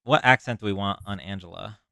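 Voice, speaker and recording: A man's voice: lowish voice, a little fast, vocal fry, sharp tone, no room sound, clean studio sound. A man hosting a casual livestream, chatting and explaining a word game to his chat with frequent restarts. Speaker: livestream host.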